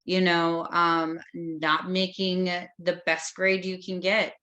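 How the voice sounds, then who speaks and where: A woman's voice: on the low side, flat delivery, takes it slowly, pushed and bright, muffled recording. A woman taking part in a course discussion, talking casually and hesitantly with many fillers. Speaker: course participant.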